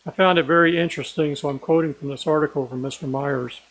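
Earnest male preacher, slightly high voice. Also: steady tone, a bit bright, low-quality recording. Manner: earnest, slows and stresses key words. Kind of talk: sermon.

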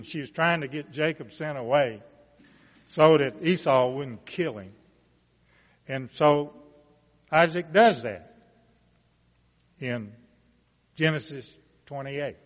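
A man reads scripture and comments on it in a measured, emphatic sermon style. His voice sits a little high and moves very slowly. The sound is dull, with a long reverb trailing behind each phrase. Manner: slow, deliberate reading with emphatic rises. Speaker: preacher. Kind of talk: Bible reading with commentary.

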